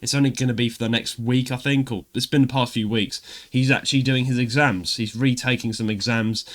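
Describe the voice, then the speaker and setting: A man's voice: mid-range voice, fairly even intonation, fairly quick. A young man hosting a podcast, chatting in a rambling, upbeat way. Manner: chatty, rambling with restarts and laughs. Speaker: podcast host. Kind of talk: casual chat.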